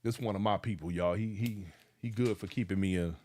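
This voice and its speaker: A man's voice: fairly low pitch, fairly quick, darkish tone. A man of about fifty hosting a casual livestream, fired up and preachy, calling out viewers by name. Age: around 50. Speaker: livestream host.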